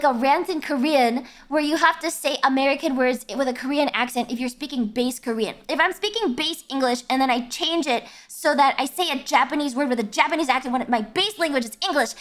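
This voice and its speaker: A young adult woman streamer in casual livestream chat, ranting bluntly and swearing freely, with sudden animated yelps. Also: high voice, a little fast, few pauses.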